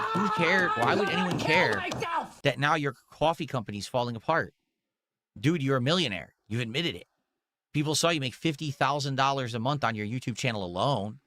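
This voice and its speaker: A man's voice: medium pitch, bright, forceful tone. A man talking casually to his audience in a rambling, self-justifying way, with many fillers. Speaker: streamer in played clip.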